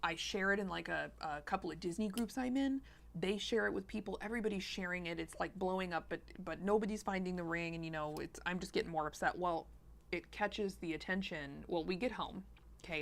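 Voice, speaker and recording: A woman vlogger chatting casually while she sews, telling a long story in a rambling, animated way with lots of "like" and "you know". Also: lowish voice, creaky. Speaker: sewing vlogger.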